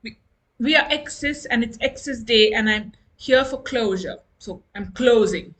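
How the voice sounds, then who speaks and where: A woman's voice: a little high, unhurried, a bit bright, low-quality recording. A woman playing a stammering flustered ex. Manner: nervous, stammering, giggly apologies. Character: flustered woman seeking closure with her exes. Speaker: improv comedian. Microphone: video call.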